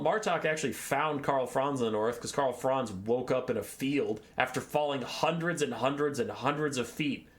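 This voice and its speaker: Irreverent, profane male gaming host. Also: a bit bright. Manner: irreverent and profane, digressive, with swings in pitch. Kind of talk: casual video game lore recap.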